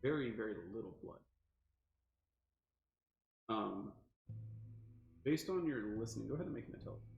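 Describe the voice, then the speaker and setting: A man's voice: medium pitch, animated, normal speed, vocal fry, pauses often, muffled recording. A man narrating a tabletop game as game master, describing the scene in long, rambling sentences full of fillers. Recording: echoey room with faint music.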